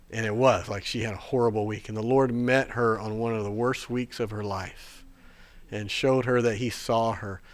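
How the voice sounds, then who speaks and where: A man preaching a sermon, telling a personal story in a chatty, rambling way with fillers and restarts, then turning hushed and earnest. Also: lowish voice.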